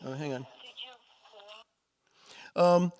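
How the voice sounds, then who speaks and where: A man's voice: on the high side, fairly even intonation, extremely slow, darkish tone. A man telling ghost stories to a live audience, chatty and acting out quoted voices. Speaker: paranormal author and speaker. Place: festival room with audience.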